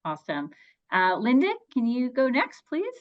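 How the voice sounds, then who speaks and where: A woman's voice: fairly high pitch, wildly swooping pitch, moderate pace, highs cut off. A woman moderating a panel webinar, chatty and upbeat with many fillers.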